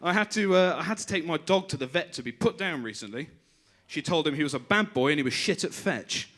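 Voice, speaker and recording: A man's voice: a little high, animated, a little fast, fairly bright tone. A man doing stand-up made of short pun one-liners, with small stumbles as he starts them. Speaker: stand-up comedian.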